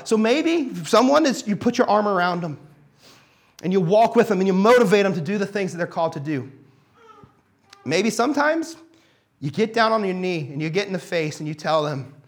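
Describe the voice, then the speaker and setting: A young man gives a sermon in a fairly high voice, relaxed and conversational. He talks like he is chatting with friends, with lots of fillers, and grows animated as his stories build. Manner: animated storytelling with casual fillers. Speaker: pastor.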